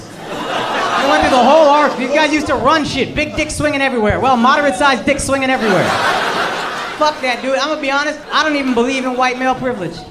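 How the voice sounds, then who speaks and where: A man doing stand-up crowd work, loud and profane, breaking into shouts. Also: very high-pitched, heavy background noise. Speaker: stand-up comedian. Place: live comedy venue with audience. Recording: roomy live venue with loud crowd.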